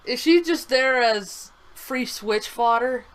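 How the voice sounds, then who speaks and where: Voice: mid-range voice, takes it slowly, fairly bright tone, rough recording. Giggly, chatty stream co-host. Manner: chatty, giggly, a little stumbling. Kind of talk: casual gameplay chat.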